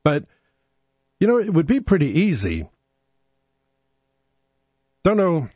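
A man's voice: fairly high pitch, wildly swooping pitch, takes it slowly, dark tone, breathy edge, no room sound, highs cut off. A man hosting a rambling comic monologue, profane and sardonic, digressing as he talks.

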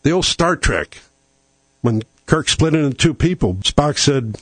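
A man's voice: a little high, animated, a little slow, dry recording. A man hosting a talk show, telling a long rambling story in a casual way. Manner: rambling storyteller who acts out quoted lines.

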